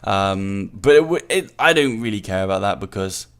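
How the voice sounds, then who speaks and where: Lower-pitched man thinking aloud while gaming. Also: animated, normal speed, fairly bright tone, clean tone. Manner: self-critical, thinking aloud, repeats himself. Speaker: gaming channel host. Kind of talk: live play-by-play commentary of a game.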